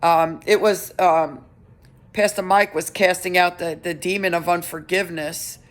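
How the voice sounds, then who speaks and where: A middle-aged woman giving a personal update on her vlog, talking in an earnest, halting way with many restarts. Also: lowish voice, steady tone. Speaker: vlogger.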